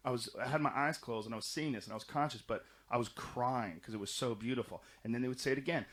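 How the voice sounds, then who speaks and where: A middle-aged man in casual podcast conversation, telling long, animated stories full of swearing and restarts. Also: medium pitch, fast talker. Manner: animated, profane, rambling storytelling. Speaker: podcast guest recounting experiences.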